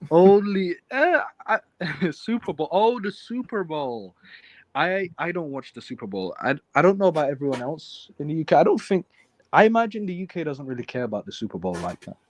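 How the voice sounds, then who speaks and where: A man's voice: a little high, sing-song. A man from England with an English accent, hosting a casual livestream chat and joking with his guest. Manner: joking, teasing, quick laughs. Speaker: livestream host.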